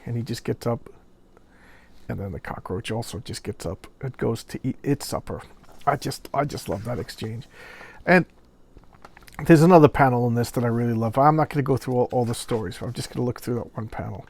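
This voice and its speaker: A man reviewing a comic book in a casual video, speaking haltingly, often repeating words, and openly moved by the pages. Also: mid-range voice, gravelly, a little mellow, slightly rough.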